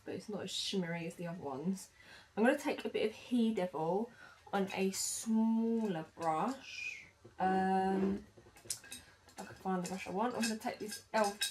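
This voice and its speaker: A woman's voice: mid-range voice, darkish tone, slight background noise. A woman chatting casually through a makeup demo, with lots of fillers and self-corrections. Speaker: beauty vlogger. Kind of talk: makeup tutorial chat.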